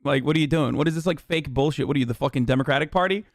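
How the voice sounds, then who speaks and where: A man's voice: a little high, racing, no room sound, clean studio sound. A man streaming a casual reaction commentary, blunt and profane, with scornful laughs.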